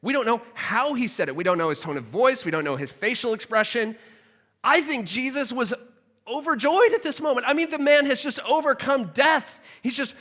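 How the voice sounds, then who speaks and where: A man preaching a sermon, retelling a scripture scene with expressive storytelling that drops to a hush and rises with excitement. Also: extremely high pitch, moderate pace, long reverb tail. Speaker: pastor.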